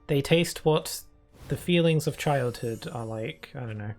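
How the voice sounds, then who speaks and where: A man's voice: mid-range voice, unhurried, a little mellow, faint music behind. A British man streaming a video game, chatting and rambling through casual commentary with frequent giggles.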